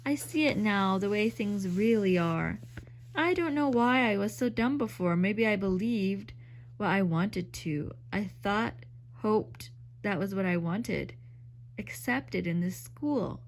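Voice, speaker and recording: A woman reading aloud voices a naive teenage schoolgirl who speaks bitterly and rises high when upset. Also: takes it slowly, few pauses.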